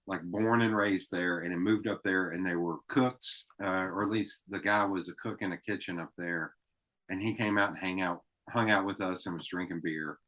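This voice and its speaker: A man with a Southern US accent and a lowish voice, hosting a relaxed podcast chat. He tells stories in an easygoing, chatty way and laughs easily. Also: normal speed. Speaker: podcast host. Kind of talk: casual conversation.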